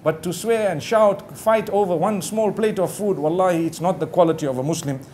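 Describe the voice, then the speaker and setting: A middle-aged Islamic preacher delivers a sermon-style lecture to a live audience, his high-pitched voice brisk and darkish in tone over slight background noise. He talks casually, sprinkling in plenty of "you know" asides, and acts out other people's quoted lines.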